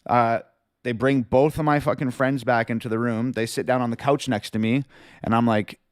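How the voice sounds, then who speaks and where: A man's voice: medium pitch, a little fast, dry recording, studio quality. A man hosting a livestream, telling a story casually with heavy swearing and quoted back-and-forth. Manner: profane, animated storyteller. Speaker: livestream host.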